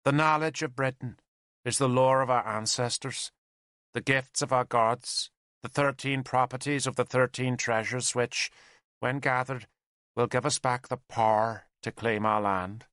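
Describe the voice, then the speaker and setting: A man puts on a young druid girl in an audiobook, aloof and scornful, chanting her answers as if the gods speak through her. The delivery is bright and dry. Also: mid-range voice, expressive, measured pace, dry recording. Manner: chanting, insolent, detached.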